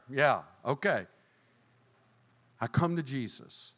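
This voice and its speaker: An older man preaching a sermon as pastor, swinging from low, quiet remarks to high, shouted lines. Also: expressive, moderate pace. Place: church sanctuary. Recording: church hall reverb.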